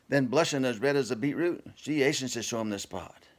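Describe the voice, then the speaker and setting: A man's voice: medium pitch, a little fast. A man reciting a comic poem from memory, telling it in broad northern dialect.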